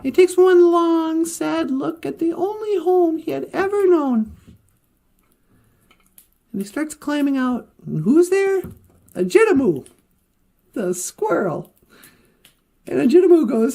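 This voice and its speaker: A woman telling a story casually on a livestream, chatty and relaxed, often laughing as she goes. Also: high-pitched, a little slow, vocal fry, long pauses.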